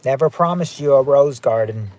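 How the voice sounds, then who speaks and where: A man's voice: medium pitch, normal speed, darkish tone. A man hosting a live-stream game night, chatting as he reads out viewer guesses and rules on each one. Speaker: game show host.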